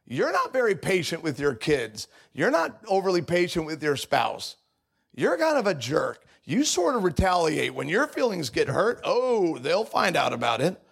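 A man's voice: high voice, vocal fry, fairly bright tone, breathy edge. A man preaching a sermon in a conversational, confessional way. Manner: conversational, confessional, mimics voices in anecdotes.

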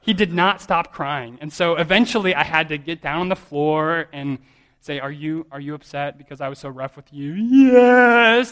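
Guy in his 30s preaching, kinda high voice, casual and self-deprecating, keeps restarting lines. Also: a bit bright. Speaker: pastor. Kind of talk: sermon.

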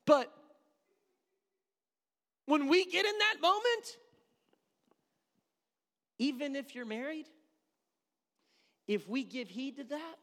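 A middle-aged male pastor preaching a sermon in a church, animated and acting out voices, swinging from loud to hushed. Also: very high-pitched, slow pace, pauses often. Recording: reverberant hall.

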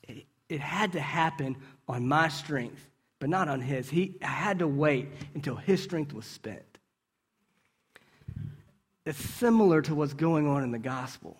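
A man's voice: a little high, animated, measured pace, breathy edge. A man giving a conversational sermon, asking rhetorical questions and checking in with his listeners. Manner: storytelling with brief restarts. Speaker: preacher.

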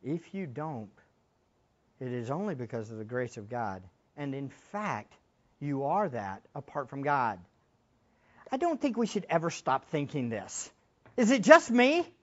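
Impassioned woman preaching a slow sermon. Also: rumbling low, very animated. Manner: impassioned, shifting between loud exclamations and hushed asides. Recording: dull lo-fi sermon recording.

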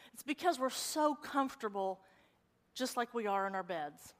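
A woman in her forties preaching a sermon in a church, animated and conversational, with a storytelling manner. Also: on the high side, long reverb tail.

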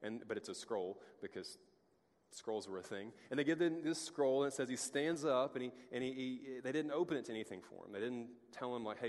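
A pastor giving a casual, conversational sermon, full of restarts and acted-out asides. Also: male voice, mid-range voice. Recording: long hall reverb.

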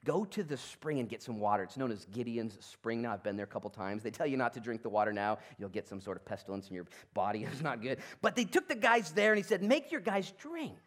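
Animated preacher telling a story. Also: male voice, mid-range voice, fast talker, hardly any pauses. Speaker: pastor. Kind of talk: sermon.

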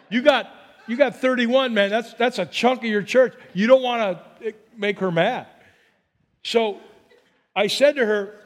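High-voiced humorous male pastor. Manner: humorous, animated, chuckling asides. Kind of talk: storytelling sermon.

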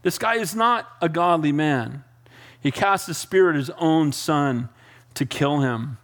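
A man with a high-pitched voice teaches a Bible passage in a relaxed, conversational sermon. He speaks casually and keeps checking in with his listeners. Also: a little slow. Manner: casual, keeps asking the congregation "Amen?". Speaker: pastor.

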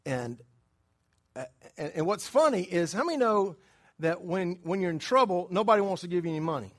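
With lively intonation and a notably high voice, a pastor delivers a conversational sermon, talking with the congregation and quizzing them through quick questions. Hushed, near-whispered asides give way to loud, emphatic bursts.

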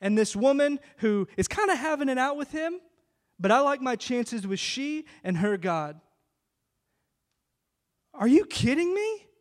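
A man's voice: very high-pitched, expressive, normal speed. A man pastor preaching an emphatic sermon full of rhetorical questions.

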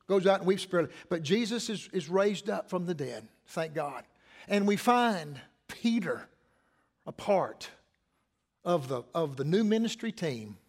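A middle-aged man preaching a sermon as pastor, conversational, repeating phrases and asking the congregation questions. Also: high-pitched.

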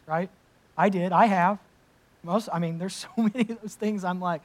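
A pastor delivers a sermon in a slightly high male voice. He moves between scripture reading and emphatic, conversational explanation. He adds casual asides as he preaches. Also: moderate pace.

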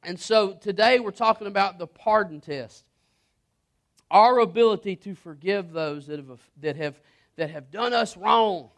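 A man's voice: high-pitched, measured pace, fairly bright tone. A man preaching a sermon in a folksy, conversational way, with frequent restarts. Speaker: pastor.

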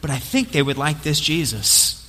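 An eager tax collector, as a preacher acts him out, talks up high and keen in a raised, excited voice. His voice is bright and carries a long church reverb. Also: normal speed. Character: eager worried tax collector Matthew, male adult.

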